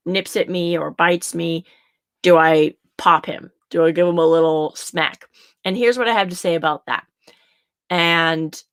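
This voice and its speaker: A woman's voice: lowish voice, fairly bright tone, no room sound, clean studio sound. A young adult woman horse riding coach giving casual teaching talk, chatty and repeating her points for emphasis.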